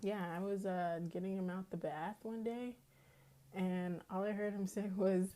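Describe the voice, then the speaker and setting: A woman's voice: mid-range voice, steady tone, normal speed, mellow. A woman, hosting her own podcast in an easygoing, chatty way and laughing often. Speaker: podcast host. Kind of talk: casual chat.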